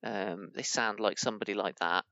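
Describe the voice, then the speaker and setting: A low-pitched man with a gravelly, fry-heavy voice muses hesitantly in a casual chat. His mic sounds muffled, lo-fi and completely dry. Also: steady tone, normal speed, bright, forceful tone, no echo. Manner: musing, hesitant, many fillers. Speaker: podcast panelist.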